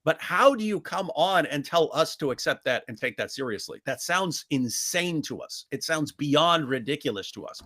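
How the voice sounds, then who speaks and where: A man's voice: a little high, animated, moderate pace, few pauses, sharp tone. A man co-hosting a debate review, talking casually and sarcastically, mocking opposing arguments with exaggerated mimicry. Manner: emphatic, repeats phrases when building a point. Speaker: co-host of a debate review show. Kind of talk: casual discussion, commentary.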